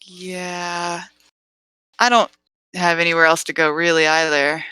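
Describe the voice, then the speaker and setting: A woman playing a tabletop game, animated and laughing often. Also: fairly low pitch, a little slow, clean tone, dry recording. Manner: giggly, animated. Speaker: player. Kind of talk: casual tabletop play.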